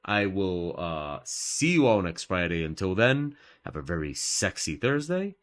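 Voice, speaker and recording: A man's voice: low-pitched, sing-song, measured pace, a bit bright. A man hosting a live art stream in casual chat, playful and jokey, often laughing at himself.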